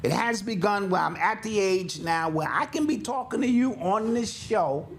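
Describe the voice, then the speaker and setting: An older man co-hosting a podcast in casual chat, telling stories in an animated way and acting out sounds and quotes. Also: high-pitched, a little slow, a little hiss or hum. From United States. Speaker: podcast co-host.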